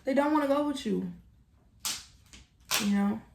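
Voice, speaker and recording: A woman's voice: high-pitched, a little slow, gravelly, noisy background. A woman giving an earnest, emotional tarot reading, speaking straight to the viewer in a casual way. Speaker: tarot reader. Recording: echoey room.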